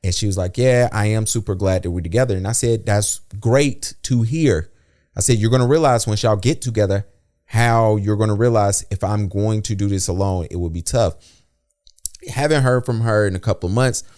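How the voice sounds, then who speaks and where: Animated man telling stories on a podcast. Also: on the low side, fairly quick. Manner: animated storyteller, acts out quoted dialogue. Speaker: podcast co-host. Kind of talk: casual podcast storytelling.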